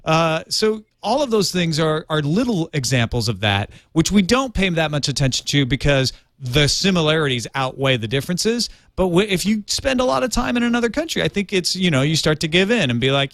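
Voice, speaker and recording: A man's voice: a little high, big pitch swings, a little fast, hardly any pauses, fairly bright tone, dry recording, studio quality. An American man co-hosting a podcast, chatting casually with frequent ums and uhs and a joking streak. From United States. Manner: hesitant, lots of ums and uhs, jokey. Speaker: podcast co-host. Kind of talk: casual chat.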